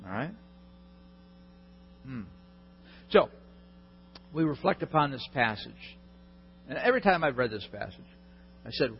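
A man's voice: mid-range voice, sing-song, measured pace, pauses often, slight background noise. A man preaching a sermon in a conversational way, putting questions to the congregation. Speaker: pastor. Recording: echoey hall, dull lo-fi sound.

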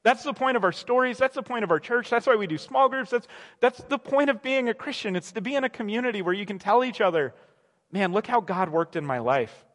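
Young male pastor, high voice, chatty sermon, long reverb, restarts and acted-out quotes. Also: quick pace, fairly bright tone. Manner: conversational, self-correcting, acts out quoted voices.

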